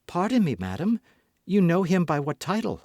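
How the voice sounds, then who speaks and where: A man's voice: high voice, big pitch swings, normal speed, darkish tone, no room sound, studio quality, pitched above the performer's own voice. A man voicing an earnest, jealous young woman who speaks eagerly and pleads. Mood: suspicious.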